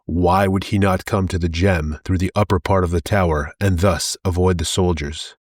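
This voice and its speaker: Blunt young barbarian with a deep voice, as a male narrator plays him, terse and cool. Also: steady tone, normal speed, no echo, studio quality. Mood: questioning.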